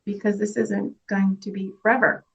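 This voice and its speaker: A woman's voice: medium pitch, flat delivery, normal speed, gravelly, breathy edge, lo-fi sound. A woman actress talking earnestly and emotionally about her work, laughing through tears at times. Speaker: actress guest. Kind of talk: emotional interview talk.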